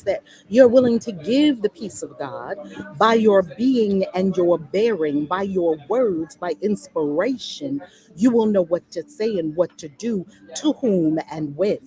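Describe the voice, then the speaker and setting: A woman's voice: mid-range voice, a little mellow, low-quality recording. A woman acting as spiritual teacher, giving a live, heartfelt and chatty talk and prayer reading into a laptop's built-in mic. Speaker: spiritual teacher leading a daily lesson.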